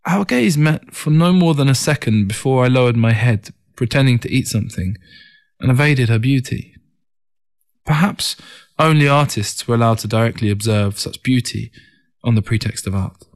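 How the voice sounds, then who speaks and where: Brief: male narrator, mid-pitched, measured and reflective, first-person audiobook.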